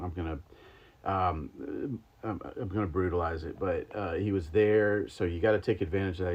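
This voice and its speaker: A man hosting a livestream, chatting casually and rambling with lots of ums and likes while taste-testing sodas. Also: low voice. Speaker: podcast host. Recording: slightly dull lo-fi stream audio.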